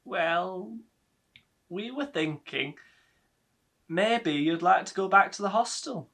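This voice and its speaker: A giddy, stubborn mum in her seventies, put on by a young man in a filmed stage monologue. Her voice sits fairly high and bright, fluttering up when she insists. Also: animated, slow, exaggerated voice. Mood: insistent. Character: chatty 72-year-old mother, giddy and stubborn.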